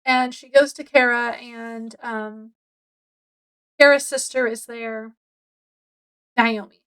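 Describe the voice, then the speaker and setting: A woman's voice: on the high side, fairly even intonation, slow, fairly bright tone, smooth, low-quality recording. A woman giving a casual, chatty book review, rambling a bit with fillers as she retells the plot.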